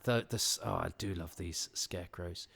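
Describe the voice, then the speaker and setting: A man's voice: low voice, normal speed, vocal fry, fairly bright tone, slightly rough. A man guesting on a podcast, chatting casually and enthusiastically in a rambling way with chuckles. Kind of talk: casual chat.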